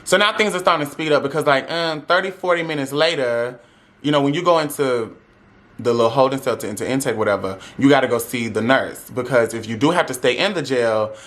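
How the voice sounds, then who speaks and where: A man's voice: mid-range voice, brisk, a bit bright. A young man speaking tells a dramatic, sassy story to his audience, acting out every voice in it. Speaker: vlogger telling a story. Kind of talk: animated storytime.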